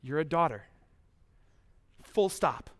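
Preaching slowly with lively intonation, this male pastor has a strikingly high voice. His sermon feels conversational, spoken straight to the audience and peppered with rhetorical questions.

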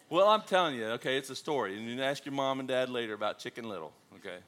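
Bright, lively male preacher. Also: mid-range voice, fast talker. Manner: animated, joking, calls out to the congregation. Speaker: pastor. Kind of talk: sermon.

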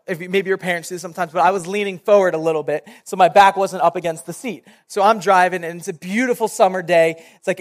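A young man, a youth pastor, giving a sermon and telling a personal story in a casual, animated way. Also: high-pitched.

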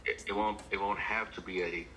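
A man in a church class answering a question, speaking haltingly and repeating words. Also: on the low side, steady tone, pushed and bright, slight background noise, rough recording. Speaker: class member. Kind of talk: answering in a group discussion.

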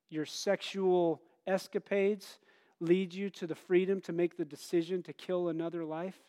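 Speaking in a high register, a middle-aged pastor talks through his sermon like a conversation, putting questions to the people and telling stories from his own life. Now and then he bursts into loud emphasis.

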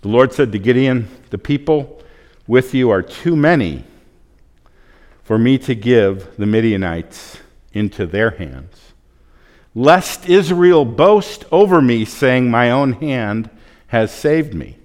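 A man's voice: mid-range voice, lively intonation, takes it slowly, a little mellow. A man preaching a sermon as a pastor, conversational with joking asides. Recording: long hall reverb.

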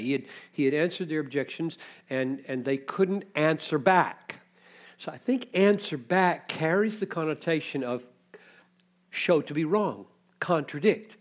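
A man's voice: a little high, measured pace. A man preaching an expository sermon, teaching reflectively and posing rhetorical questions to his listeners.

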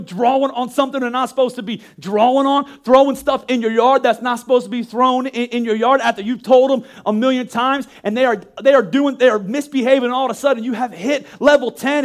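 A man preaching a sermon in an animated way, acting out yelling parents with sudden shouts and often repeating words as he restarts phrases. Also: very high-pitched. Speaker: pastor.

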